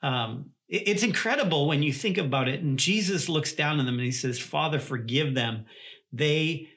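A man's voice: on the high side, expressive, a little fast, a bit bright. A male pastor preaching a sermon in an earnest way, often repeating words and restarting his sentences.

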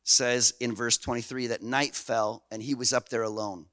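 A man from Canada preaching a sermon in an animated, folksy way, dropping low and then swelling loud. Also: moderate pace, dry recording. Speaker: pastor.

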